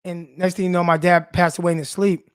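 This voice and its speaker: A man's voice: sits high, flat delivery, a little fast, clear, resonant tone, dry recording, clean studio sound. A young man hosting a sports podcast, talking loosely and personally with many fillers, teary-eyed as he speaks. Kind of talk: casual heartfelt monologue.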